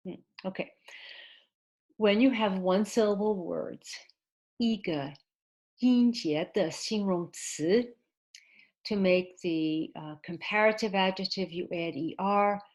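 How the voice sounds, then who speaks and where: A woman teaching an online English class, explaining slowly and patiently with many pauses and fillers, and giving Mandarin glosses for her students. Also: lowish voice. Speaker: ESL teacher.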